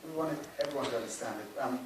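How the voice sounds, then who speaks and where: Rambling director in an echoey hall. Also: male voice, mid-range voice, very fast. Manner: rambling, many ums, chuckling. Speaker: film director, festival guest. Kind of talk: audience Q&A answers. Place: cinema hall. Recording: echoey hall recording from far off, hiss.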